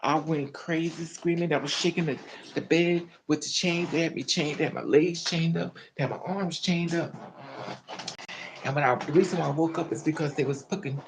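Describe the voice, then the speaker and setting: A woman recounting a personal story in an animated, dramatic way, full of colloquial slang. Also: low voice, normal speed, slight background noise, poor audio. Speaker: storyteller vlogger.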